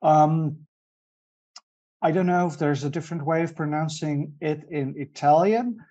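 A man's voice: a little high, measured pace, dark tone, dull audio. A man hosting a live online discussion, interviewing an author, speaking hesitantly with many fillers. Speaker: host and interviewer.

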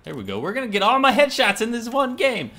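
A man with a Texan accent giving excitable live commentary over his gameplay and talking back to the game. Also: very high voice, fast, noisy background. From Texas. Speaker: gaming vlogger.

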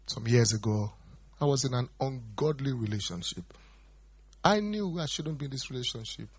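A man's voice: animated, normal speed, slightly rough, no room sound. A middle-aged man preaching a sermon as pastor, dramatically acting out pleading quotes. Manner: dramatic, acts out quoted pleas with big pitch jumps.

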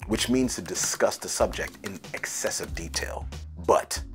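A man hosting a scripted English lesson with a clear, explanatory delivery. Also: medium pitch. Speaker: English teacher host.

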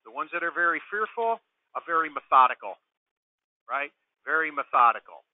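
A man talks through sales advice on a conference call in an emphatic, coaching way. He keeps asking rhetorical questions to drive his points home. His slightly high voice comes through a dry, tinny phone line. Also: sing-song, moderate pace, no room sound. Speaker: franchise sales guest.

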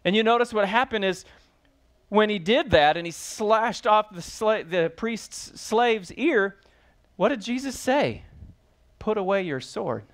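A man's voice: high voice, lively intonation, measured pace, a bit bright. A man preaching as pastor, reading scripture aloud and then explaining it with rising emphasis and questions to the congregation. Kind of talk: sermon.

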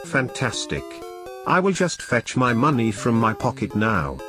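A man's voice: medium pitch, very animated, measured pace, music in the background. Foul-mouthed ranting man. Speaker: comedic host playing an angry game collector. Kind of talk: scripted comedy sketch.

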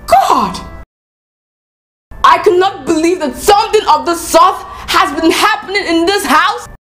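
A woman's voice: extremely high pitch, lively intonation, unhurried, a bit bright, exaggerated voice. A woman with a Nigerian accent playing an exasperated young woman who scolds her friend in disbelief. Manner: scolding, incredulous. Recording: echoey room.

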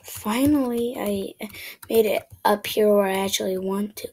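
A woman giving casual gameplay commentary, frustrated and excitable, shouting at the game character and dropping into whispered asides. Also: mid-range voice, measured pace, breathy edge. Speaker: gaming video creator.

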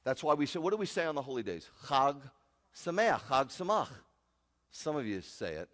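A man's voice: fairly high pitch, very animated, moderate pace, fairly bright tone. A man, a rabbi, preaching a sermon in an emphatic, joking way, recorded in a sanctuary with long reverb. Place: congregation sanctuary.

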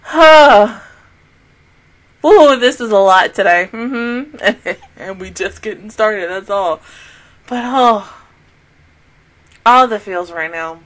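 A young woman hosts an anime reaction vlog, gushing and exclaiming, cursing freely and casually, and swinging between laughter and near tears. Her medium-pitched voice has lively intonation, and she takes it slowly with long pauses.

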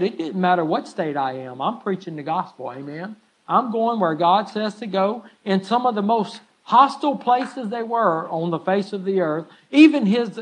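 A man pastor preaching a sermon in a church, emphatic and stirring, calling out "amen" to the congregation again and again, swinging from soft, low lines to loud, raised ones. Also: breathy edge, rough recording. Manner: emphatic preaching with frequent call-outs of "amen"; pitch and loudness rise and fall widely between lines.

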